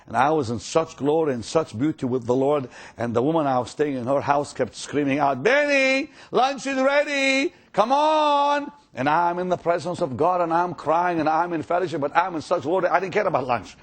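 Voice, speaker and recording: Man, preacher, sermon, emotional, dramatic swings from loud to hushed, stammering repeats, slightly high voice. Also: brisk, hardly any pauses. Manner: stammering repetitions when stirred; acts out quoted voices.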